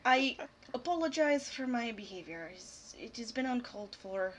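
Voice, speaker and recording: A hoarse woman voicing a proud young regency lady who reads a stiff, formal apology letter. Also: on the high side, animated, moderate pace, slight background noise, voice pushed up, close to an everyday voice, low-quality recording. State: hoarse, voice going out.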